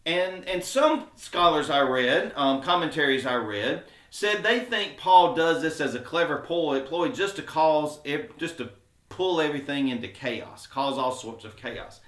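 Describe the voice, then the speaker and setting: A man's voice: fairly high pitch, animated, measured pace, a bit bright. A man teaching a conversational Bible study, explaining informally with fillers and acting out quotes with sarcasm. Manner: acts out quoted speech with sarcasm. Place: church classroom. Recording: roomy echo.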